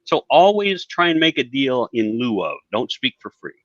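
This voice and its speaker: Bright-voiced man telling stories. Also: mid-range voice, very animated, normal speed, dry recording, dull audio. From Florida. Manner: storytelling, acts out both sides of conversations. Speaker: guest speaker. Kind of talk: casual chat.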